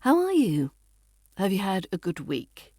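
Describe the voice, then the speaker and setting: A British woman hosting a podcast lesson, teaching phrases in a cheerful, clear voice and repeating them slowly. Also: mid-range voice, wildly swooping pitch, a little mellow, dry recording, clean studio sound, soft background music. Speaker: accent coach and podcast host.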